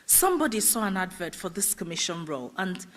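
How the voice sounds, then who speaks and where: A middle-aged woman telling her life story as a festival speaker, animated and laughing often as she acts out what people said. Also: on the low side, fairly quick. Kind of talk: personal storytelling talk. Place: festival stage.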